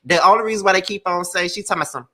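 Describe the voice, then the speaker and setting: A man co-hosting a casual show, talking in an animated way, often breaking into loud laughter and exclamations. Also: high-pitched, racing. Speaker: co-host reviewing a reality show. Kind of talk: casual chat.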